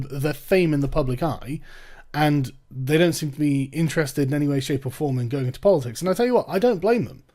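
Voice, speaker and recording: A young man with an English accent talks through an article in a loose, sarcastic commentary. His voice sits a little high for a man, and he swears freely as he picks the piece apart. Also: dark tone. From England. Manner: sarcastic, swearing, breaks into mocking put-on voices and laughs. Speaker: commentary channel host. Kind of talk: casual commentary reacting to a read article.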